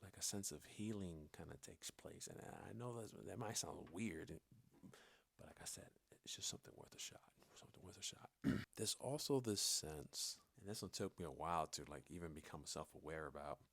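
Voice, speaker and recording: A man's voice: low-pitched, expressive, normal speed, gravelly, a bit bright, no room sound. A man talking candidly in a personal vlog, rambling and swearing, with frequent stammering restarts. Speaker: vlogger.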